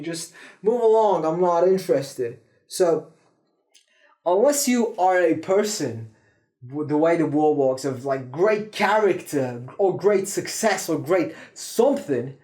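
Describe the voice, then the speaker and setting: A man talking to camera in a casual, profane monologue as a self-improvement host, rambling and jumping between loud bursts and quiet asides. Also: a little high, lively intonation, unhurried.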